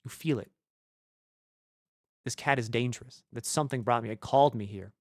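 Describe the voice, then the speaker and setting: A man streaming a video game, reading its text aloud in a low mutter and breaking into rambling, jokey asides full of "like". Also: normal speed, darkish tone, no echo. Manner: jokey, irreverent, swears.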